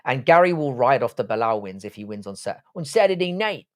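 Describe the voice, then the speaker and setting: A man from England with a Southwest London accent hosts a casual live stream, reading the chat and trading teasing, profane banter full of heavy swearing. His medium-pitched voice is expressive and brisk.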